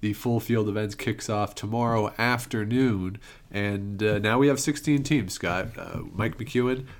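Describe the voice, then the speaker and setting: Low-voiced male sports show host. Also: unhurried. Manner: easygoing, laughs easily. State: a bit under the weather. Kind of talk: casual sports chat. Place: inside an arena.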